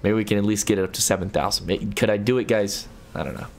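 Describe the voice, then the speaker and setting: A man's voice: fairly low pitch, fairly even intonation, fast, vocal fry, a little hiss or hum. A young man hosting a late-night livestream, reading viewer messages aloud and answering them in a casual, stop-start way. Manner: reads viewer chat aloud and answers, with frequent restarts. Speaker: livestream host.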